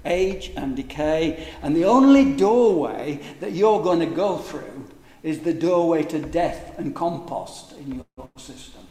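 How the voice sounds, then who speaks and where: A man preaching from the pulpit, his voice a little higher than most men's. He presses his points with rhetorical questions and slows right down on the words he wants to land. The sound rings around a roomy church with a long reverb tail. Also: animated, mellow. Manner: emphatic, rhetorical questions, varies pace for stress. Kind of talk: sermon.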